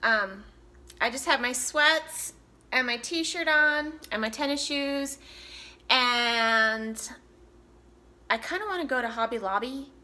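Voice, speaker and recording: A woman's voice: on the high side, sharp tone. A woman vlogging in casual chat from her car, rambling and talking straight to her viewers, recorded on a phone in a dashboard holder. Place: in a car while driving.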